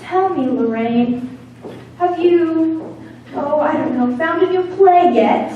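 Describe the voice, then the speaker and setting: A woman's voice: extremely high pitch, slow, phone-quality sound, a little hiss or hum. A teenage girl on a school stage playing a dry, sardonic secretary. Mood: wry. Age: teens. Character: dry, wry woman secretary. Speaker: student stage actor. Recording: echoey stage from far off.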